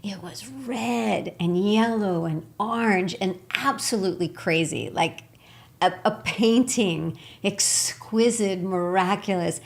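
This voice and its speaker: A woman's voice: medium pitch, slow, gravelly. A woman from Texas co-hosting a spiritual talk show, telling stories with enthusiasm and laughing often. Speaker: co-host.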